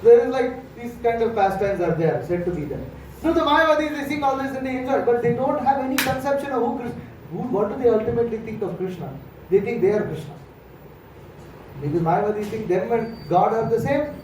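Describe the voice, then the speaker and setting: A monk with a high South Indian male voice gives a morning lecture in a hall, speaking a little fast and a little mellow. He tells stories, acts out dialogue, and uses many fillers. The recording is echoey with a faint hum, and he is far from the mic.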